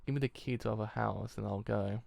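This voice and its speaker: A man's voice: on the low side, steady tone, fairly quick, vocal fry, darkish tone, dry recording. A man reading a comic aloud, voicing a tough young male gang leader with a curt, sneering delivery.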